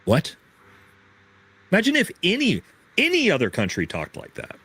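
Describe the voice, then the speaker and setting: A man's voice: sits high, huge pitch swings, moderate pace, bright, forceful tone, slightly rough. A man giving political commentary on a clip, ranting with profanity and disbelief.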